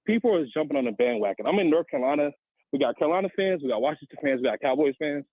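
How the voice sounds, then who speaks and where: A man's voice: a little high, expressive, rapid-fire, dry recording. A young man in his twenties calling a sports radio show, talking with upbeat enthusiasm over a phone line. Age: 20s. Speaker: caller.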